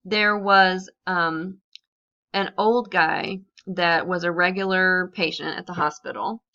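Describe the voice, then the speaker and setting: A woman giving a conversational lesson on writing, explaining points with examples and frequent pauses and ums. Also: lowish voice, fairly even intonation, pushed and bright, muffled recording. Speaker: academic writing specialist. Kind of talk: instructional talk on writing.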